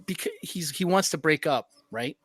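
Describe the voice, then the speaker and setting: A male stream host narrates a clip in loose, chatty commentary. His voice is bright and a little high. It sounds close and dry, with almost no room around it. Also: animated, normal speed, dry recording. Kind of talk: live-stream reaction commentary.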